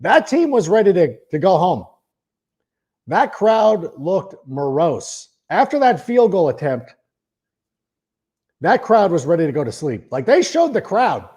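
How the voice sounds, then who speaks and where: Guy doing a sports podcast, rambly and worked up, pitch jumping all over, kinda dark mellow tone. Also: a little slow, husky. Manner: animated, rambling, repeats words when starting sentences; reads a sponsor ad in the middle. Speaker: podcast host. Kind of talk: casual sports talk monologue.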